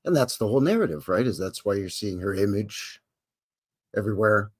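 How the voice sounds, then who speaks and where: A Canadian man hosts a live stream in a folksy, joking manner, greeting chatters by name. His voice is fairly low, expressive and fairly quick.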